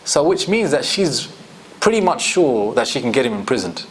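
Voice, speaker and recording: A man's voice: medium pitch, big pitch swings, moderate pace, a little hiss or hum. A man teaching a Quran commentary class, explaining and asking his students questions. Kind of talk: classroom tafsir lecture.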